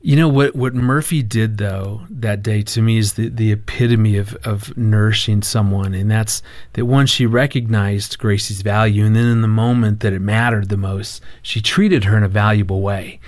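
A middle-aged man, a marriage counselor guest, telling a family story in casual talk, animated with halting restarts. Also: fairly low pitch.

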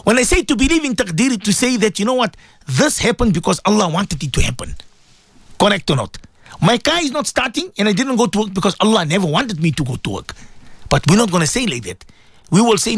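A man's voice: sits high, big pitch swings, fast, fairly bright tone, dry recording, clean studio sound. A man, preaching on the radio and repeatedly appealing to his listeners with rhetorical questions. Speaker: radio presenter and Islamic preacher. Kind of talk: radio sermon talk.

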